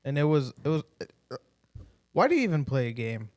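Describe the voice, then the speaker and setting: A man's voice: mid-range voice, very animated, fairly quick, darkish tone, no echo. A man co-hosting a casual podcast chat, throwing in short wisecracks and asides. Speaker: podcast co-host.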